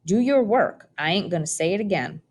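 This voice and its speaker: A woman voicing a gruff, bossy old farm woman who barks orders in a drawl in a storybook reading. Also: lowish voice, expressive, brisk, a little mellow. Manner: scolding, drawling commands.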